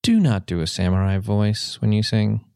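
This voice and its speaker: A man improvising a comedy scene as an earnest songwriting teacher, rambling through ideas, his pitch jumping up when he gets excited. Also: normal speed, creaky, clear, resonant tone. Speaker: comedy podcast host playing a songwriting teacher.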